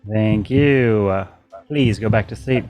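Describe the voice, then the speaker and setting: A man moderating a live party game, calling out rounds and votes in a slow, deliberate way. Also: lowish voice, soft background music. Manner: calm announcer pacing, slow deliberate calls.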